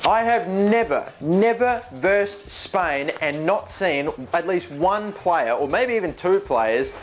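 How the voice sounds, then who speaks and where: A man's voice: sits high, lively intonation, slow. A man giving casual, joking gaming commentary, chatty and rambling, often correcting himself mid-sentence. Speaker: video game YouTuber.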